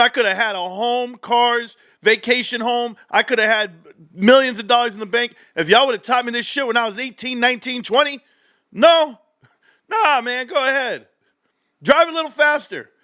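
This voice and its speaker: A middle-aged man hosting a livestream about the stock market, animated and joking as he talks straight to his viewers. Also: sits high. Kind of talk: casual livestream rant.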